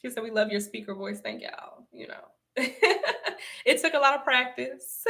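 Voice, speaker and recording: This high, expressive voice belongs to a young Southern US woman hosting a laid-back livestream. She speaks a little slowly with vocal fry and a bright, forceful tone, repeating herself for emphasis and laughing frequently with viewers.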